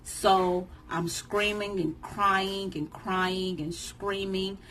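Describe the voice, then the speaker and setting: A woman in her thirties, a vlogger, telling a personal story to camera in an emotional, animated way, acting out what others said. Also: medium pitch, drawn-out words, a little hiss or hum, rough recording. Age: 30s. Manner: emotional, animated retelling that acts out others' lines.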